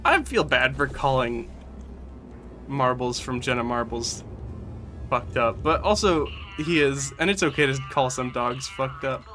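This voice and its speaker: A man's voice: medium pitch, animated, a little slow, bright, forceful tone, soft background music. A man streaming a video game, chatting casually in rambling, giggly stories full of swearing. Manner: rambling, giggly, profane storytelling. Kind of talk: casual gameplay commentary.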